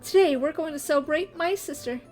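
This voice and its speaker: A woman's voice: high-pitched, a little fast, soft background music, pitched above the performer's own voice, natural voice. A woman voicing a bubbly, upbeat young magic woman. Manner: bubbly and bright. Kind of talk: fan voice acting of a game.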